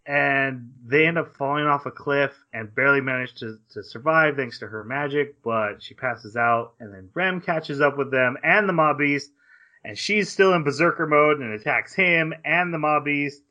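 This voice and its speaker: Rambling through an episode recap, a podcast co-host tosses in quick quoted asides as he goes. His mid-range voice is bright and forceful, though the casual audio comes across a bit dull and lo-fi.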